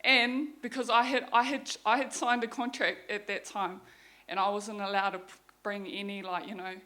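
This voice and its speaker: A woman's voice: mid-range voice, little pitch movement, moderate pace, pushed and bright. A young woman with a New Zealand accent giving a candid personal testimony talk, frank and swearing freely as she retells her story. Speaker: guest speaker sharing her story.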